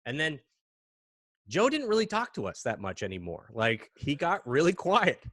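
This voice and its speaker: A man from Canada, a podcast guest, telling a spooky story in a casual, animated way and acting out bangs and gasps. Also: a little high, normal speed, no room sound, clean studio sound.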